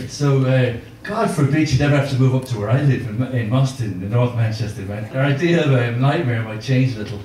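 A middle-aged stand-up comedian at a live comedy gig tells rambling, self-mocking stories full of filler words. His mid-range, darkish voice moves fairly quickly with hardly any pauses. The echoey room is picked up from far off, with slight background noise.

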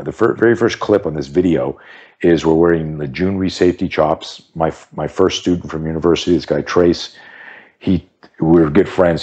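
Self-defense instructor, man in his 50s, very low voice, animated and emphatic interview storyteller. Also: husky. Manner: animated storyteller who acts out the voices of people in his anecdotes; emphatic, repeats key phrases for effect.

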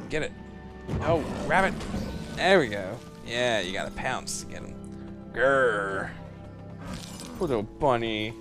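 A man giving casual let's play commentary, excitable and joking, swearing and laughing at the game. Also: mid-range voice. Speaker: gamer. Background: game music.

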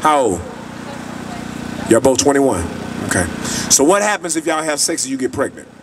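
A man's voice: medium pitch, big pitch swings, moderate pace. A man preaching on an outdoor street, emphatic and repetitive in a colloquial way. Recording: distant mic, traffic noise.

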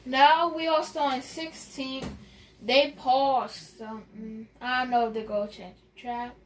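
Excitable high-voiced woman gamer. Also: measured pace, recorded from a distance, a little hiss or hum. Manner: excitable, gasping and shrieking at near misses. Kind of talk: casual gameplay commentary. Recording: game music playing underneath.

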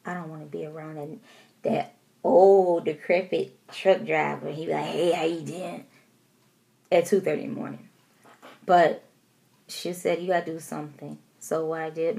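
A woman from Detroit telling a story to her camera at home in a casual vlog, animated and expressive, laughing often and acting out what people said. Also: deep voice, gravelly. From Detroit, USA. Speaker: vlogger.

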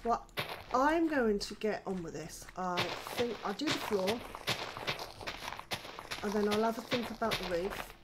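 An older British woman giving casual commentary while she plays a game. She talks to herself, gently scolds herself, and sometimes drops to a whispered mutter. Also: medium pitch, expressive, measured pace, pauses often, heavy background noise. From United Kingdom. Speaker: gaming channel host.

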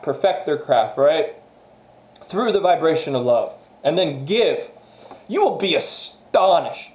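Guy pumping up his viewers, keeps repeating himself, swears a lot, voice a bit high, room echo. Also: a little mellow. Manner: emphatic, repetitive, swears freely, talks straight to viewers. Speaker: motivational vlogger. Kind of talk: casual motivational monologue. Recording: echoey room.

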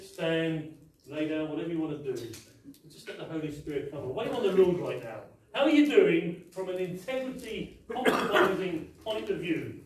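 A man delivers a sermon, pressing his point home with repeated rhetorical questions. His voice sits a little high. It rings through a very echoey church hall, caught from a mic some way off, with faint noise underneath. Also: darkish tone, far from the mic. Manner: emphatic, repetitive rhetorical questions. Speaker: preacher.

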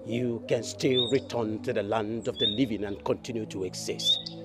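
An actor with a Nigerian accent playing a grave, measured male spirit guide of the dead in a film. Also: on the low side, steady tone, over loud music, lightly acted. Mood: solemn. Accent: Nigerian English. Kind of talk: film acting.

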